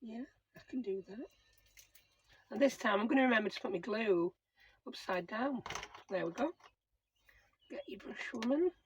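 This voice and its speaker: Working on a craft project, a middle-aged woman narrates every step to herself in a chatty, casual way, as befits her crafting channel. Her husky voice sits at medium pitch and moves at a moderate pace, pausing often. The audio sounds dull.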